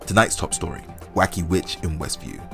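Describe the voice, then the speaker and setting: A man's voice: low-pitched, brisk, vocal fry, music in the background. A man playing a stiff evening TV news anchor in a comedy sketch, with a formal, projected newsreader delivery.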